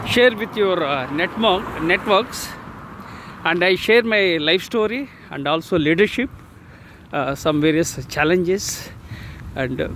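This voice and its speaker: Halting older man vlogging outdoors. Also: sits high, fairly bright tone. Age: 60s. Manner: slow, halting, many "uh" fillers and repeats. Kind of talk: casual walking vlog. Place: outdoors on city streets with traffic. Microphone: phone held in hand while walking. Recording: street traffic noise on a phone. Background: traffic and street noise.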